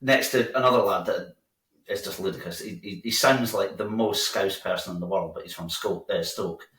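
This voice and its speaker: A man's voice: low-pitched, normal speed, fairly bright tone. A man, a bar owner chatting as a guest, rambling with lots of restarts. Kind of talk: casual interview chat. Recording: roomy sound from a distant mic.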